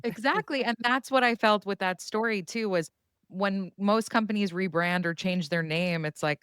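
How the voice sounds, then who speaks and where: A woman's voice: mid-range voice, fairly even intonation, normal speed, fairly bright tone, clean tone, no echo, clean studio sound. A woman hosting a podcast interview, conversational and friendly. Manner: friendly, conversational, laughs along. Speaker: podcast host. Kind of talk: casual interview chat.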